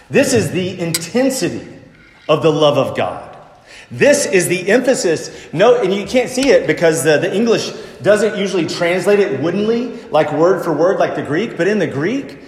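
Man, pastor preaching, lively animated delivery, long hall reverb. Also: fairly high pitch. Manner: slow, emphatic preaching with lively swings between loud and soft. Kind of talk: sermon.

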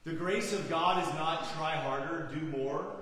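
A man preaching a sermon as pastor, emphatic, swinging from loud declarations to quiet, drawn-out lines. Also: fairly high pitch. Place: church sanctuary. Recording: roomy hall with long reverb.

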